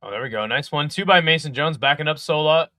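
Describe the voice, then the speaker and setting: A young man calls a fight live as a casual companion host, trading chat with viewers and swearing when the action heats up. His voice is bright and forceful. It sits close and dry on the mic, with no room around it. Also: fairly high pitch, quick pace, dry recording. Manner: chatty, swears, reads chat aloud.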